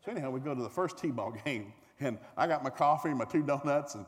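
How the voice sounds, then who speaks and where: Middle-aged Southern man, comic storyteller, folksy, very lively pitch, long hall reverb. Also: fast talker. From American South. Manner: folksy, animated, acts out voices, climbs high when excited. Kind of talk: comic storytelling to a live audience. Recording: reverberant hall with faint noise.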